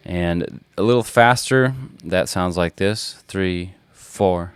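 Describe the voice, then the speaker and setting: A man with a very low voice gives a guitar lesson. He explains patiently and counts rhythms aloud as he plays. Loud guitar sound fills the recording behind him. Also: measured pace. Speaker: guitar teacher.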